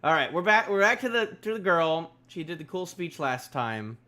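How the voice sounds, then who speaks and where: Goofy, animated man live-reacting. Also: fairly high pitch, normal speed. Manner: goofy and animated, laughs often. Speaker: streamer. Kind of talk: live comic reading reaction.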